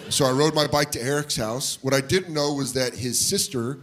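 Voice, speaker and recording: A man with a mid-range voice performs a live stand-up set at normal speed, acting out the voices of people in his stories with plenty of animation. Audience noise and some chatter sit behind him.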